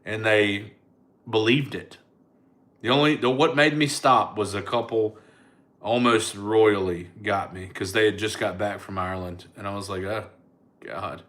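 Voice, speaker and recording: A man's voice: lowish voice, steady tone, normal speed, a bit bright. A middle-aged man, a comedian chatting casually on a livestream and answering viewers' comments. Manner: laid-back, chatty, thanks viewers by name.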